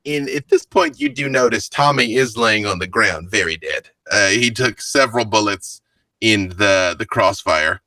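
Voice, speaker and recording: A man running a tabletop role-playing game as game master, narrating the scene with lively storytelling. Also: fairly low pitch, normal speed, no room sound.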